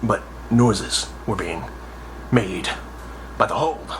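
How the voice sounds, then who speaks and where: A young man telling a comic personal anecdote in an animated, exaggerated way. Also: on the low side, takes it slowly, heavy background noise. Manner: animated, exaggerated, acts out voices. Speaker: storyteller.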